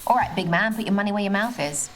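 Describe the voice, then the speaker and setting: A woman's voice: mid-range voice, fast talker, fairly bright tone, faint music behind, lightly acted. Woman playing a teasing young date. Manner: teasing, probing questions. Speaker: date in a dating game.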